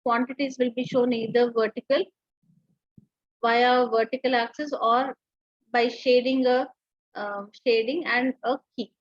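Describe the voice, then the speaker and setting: A woman's voice: fairly high pitch, steady tone, a little slow, no echo, muffled recording. A woman teacher giving an online lecture, explaining step by step with frequent fillers and restarts.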